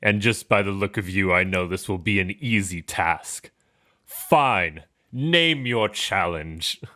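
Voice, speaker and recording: Big boastful frost giant guy, a man doing the voice, haughty and theatrical, a bit bright. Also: deep voice, lively intonation, takes it slowly, heavily acted.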